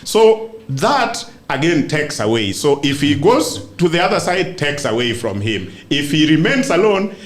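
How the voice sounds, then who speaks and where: A man with a Kenyan accent, a political commentator on a podcast, laying out his argument deliberately, point by point. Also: on the high side, very animated.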